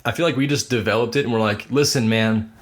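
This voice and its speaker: A young man co-hosting a podcast, telling stories in a lively, casual way, swearing and mimicking kids. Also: mid-range voice, quick pace. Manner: animated storyteller, swears, acts out kids' voices. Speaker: podcast co-host. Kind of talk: casual chat.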